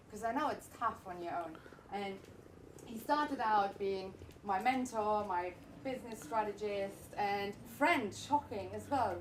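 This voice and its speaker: A woman hosting a live event, introducing the next speaker in a chatty, loose way. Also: medium pitch. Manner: chatty, loose, warm about her partner. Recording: roomy, distant, with faint room noise.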